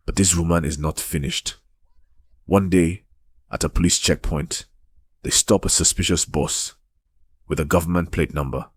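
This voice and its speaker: Male recap narrator, very deep voice, dry close sound, gossipy and dramatic. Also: fairly even intonation, normal speed, long pauses, breathy edge, no echo. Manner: dramatic, gossipy, addresses listeners as "my people".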